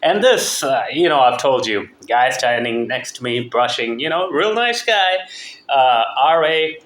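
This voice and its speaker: A man's voice: medium pitch, expressive, a little slow, fairly bright tone. Opinionated man in an echoey room. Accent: mixed, partly American Southern. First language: not English. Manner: profane, opinionated, digressive. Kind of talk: rambling monologue.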